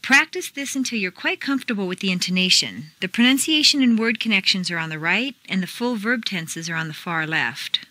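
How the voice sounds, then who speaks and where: A woman's voice: mid-range voice, animated, a little fast, few pauses, sharp tone, dry recording, poor audio. A woman with an American accent reading a scripted pronunciation lesson, carefully enunciating each model sentence. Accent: General American. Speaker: accent teacher.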